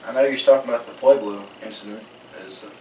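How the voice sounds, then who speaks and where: A man's voice: medium pitch, steady tone, rapid-fire, a little mellow. A young man interviewing a veteran, polite and brief, answering with "yes, sir". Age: young adult. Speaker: student interviewer. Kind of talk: interview questions. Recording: echoey room, distant mic, faint noise.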